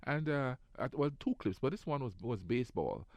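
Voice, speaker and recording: A man co-hosting a radio talk show, ranting casually and acting out quoted people in high voices. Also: normal speed, dry recording. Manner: animated storyteller, acts out quotes in high voices.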